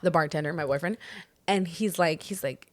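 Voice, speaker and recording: Animated low-voiced woman telling a story. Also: normal speed, no room sound. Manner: animated retelling, heavy "like" filler, slips into Spanish phrases. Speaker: podcast co-host. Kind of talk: casual storytelling chat.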